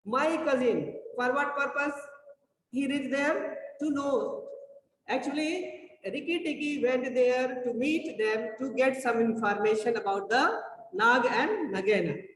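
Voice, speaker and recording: A high-voiced man teaches an online class over a video call. He explains haltingly and goes back over his words again and again. The sound is roomy, with a long reverb and a faint hiss. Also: fairly bright tone. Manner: repetitive, halting explaining with many restarts. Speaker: school English teacher.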